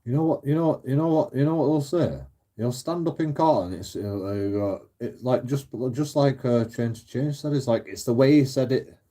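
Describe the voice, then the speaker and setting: Host, male, husky and mellow, rambling sweary rant with frequent laughs. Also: mid-range voice, normal speed. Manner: swears freely, laughs often, rambling with restarts. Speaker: channel host. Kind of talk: casual ranting commentary.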